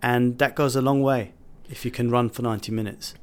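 A man's voice: mid-range voice, fairly even intonation, a little fast, smooth. A man giving opinionated, analytical football punditry in a casual chat.

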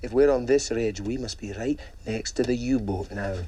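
A man playing a husky Scottish sub captain. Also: mid-range voice, normal speed, mellow, natural voice. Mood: focused, insistent. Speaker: film character. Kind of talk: film dialogue.

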